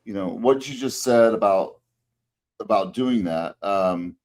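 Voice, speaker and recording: A man's voice: lowish voice, a little slow, darkish tone. A middle-aged man and fitness coach, co-hosting a casual podcast chat, rambling with many fillers and restarts.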